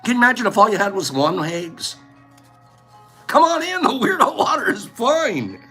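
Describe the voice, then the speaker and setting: A man chatting casually on his own stream in a high, bright voice that swings widely in pitch. He takes his time and rambles playfully, laughing easily. Soft music plays faintly behind him. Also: sing-song, moderate pace. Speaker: host. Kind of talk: casual livestream chat.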